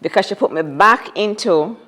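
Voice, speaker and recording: A woman's voice: mid-range voice, moderate pace, bright, forceful tone. A woman telling a personal story as an interview guest, dramatic and repeating phrases for emphasis.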